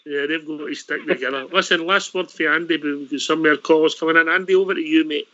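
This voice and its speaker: A man hosts a call-in radio show, brisk and jokey as he passes from caller to caller. His voice is bright and a little high. The sound is slightly muffled, with a faint hiss behind it. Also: steady tone. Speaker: radio host.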